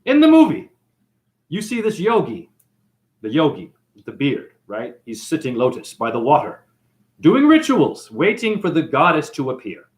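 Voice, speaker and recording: A man giving a freewheeling, jokey spiritual monologue, shouting catchphrases and acting out characters. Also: on the high side, very animated, moderate pace. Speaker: spiritual talk host.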